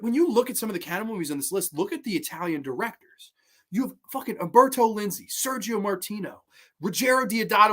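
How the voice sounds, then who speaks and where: A man hosts a horror movie show and rambles through his opinions with plenty of swearing and enthusiasm. His voice is bright and forceful, pitched a little high for a man. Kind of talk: casual film review talk.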